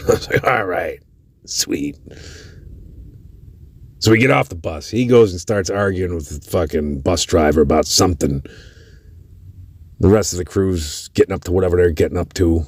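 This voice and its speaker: A man's voice: sits low, fairly quick, darkish tone, no echo. A man hosting a podcast, telling a story in a casual, profane way with lots of cursing. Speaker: podcast host.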